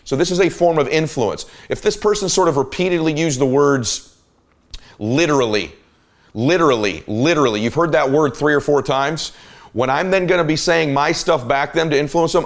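A man who is a podcast host, sales coach and adult parent delivers a motivational teaching monologue. His voice is on the high side and a little fast, and he coaches in an emphatic, repetitive way.

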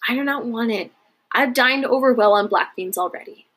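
A woman reading the lines of an exhausted, sickly young man at the oars, speaking quietly. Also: on the high side, moderate pace, husky. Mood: weary. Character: weary, sickly young male galley slave.

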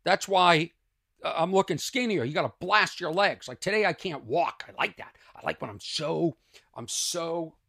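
A man's voice: fairly high pitch, animated, moderate pace, creaky, fairly bright tone. A middle-aged male comedian hosting a casual solo podcast, telling rambling stories full of self-mocking brags.

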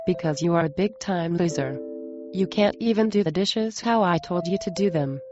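An actress playing a cruel wife who hurls insults at her husband in a flat, cold way, in a muffled recording with music underneath. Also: fairly low pitch, moderate pace, close to an everyday voice. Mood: contemptuous. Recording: muffled sound with music behind.

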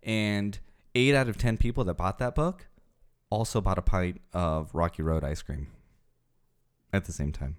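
A man in his thirties co-hosting a casual chat, telling lively stories and jumping into high voices when he quotes people. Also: measured pace, smooth. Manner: animated storyteller, jumps into high voices when quoting people. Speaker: podcast co-host.

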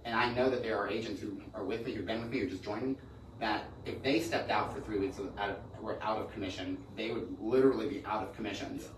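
Man, low pitch, quick pace, rambling, restarts, casual chat, roomy echo, distant mic. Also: slight background noise. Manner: fast, rambling storyteller with frequent restarts. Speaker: real estate broker. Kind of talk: casual podcast conversation. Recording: echoey room, mic at a distance.

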